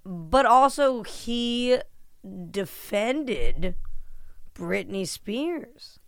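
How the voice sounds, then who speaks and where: A young woman co-hosting a podcast in casual chat, chatty and trailing off with quick laughs. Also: on the high side, very animated, clear, resonant tone, dry recording. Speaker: podcast co-host.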